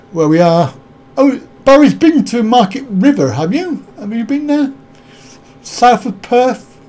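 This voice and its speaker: A man's voice: a little high, darkish tone. A man hosting a casual live stream, rambling and joking as he greets viewers by name and answers their comments.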